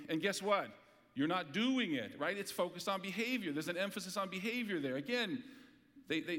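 A high, bright-voiced man delivers a sermon in a hall with a long reverb tail. He talks conversationally, asking his listeners rhetorical questions and slipping in light humor. His voice rises high and carries a sharp edge. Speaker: pastor. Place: church hall.

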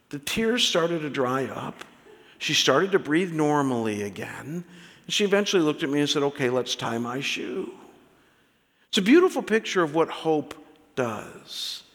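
Animated man preaching in a reverberant hall. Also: sits high. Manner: animated storytelling with many restarts. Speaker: pastor. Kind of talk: sermon.

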